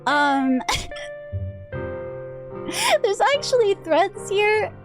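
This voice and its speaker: A woman's voice: very high-pitched, big pitch swings, very slow. A woman streamer giving casual, giggly gameplay commentary and swearing freely, with game music behind.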